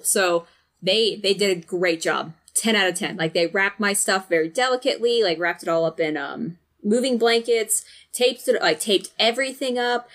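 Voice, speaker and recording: Woman, casual chat, profane and animated storyteller, mid-range voice. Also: mid-range voice, normal speed.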